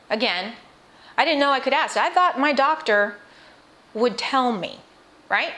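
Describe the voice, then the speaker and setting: Speaking at a moderate pace, this middle-aged woman has a voice on the high side, bright and forceful, with lively intonation. She is a cancer patient sharing her experience in a vlog to camera, conversational and emotional, with restarts and asides to whoever is watching.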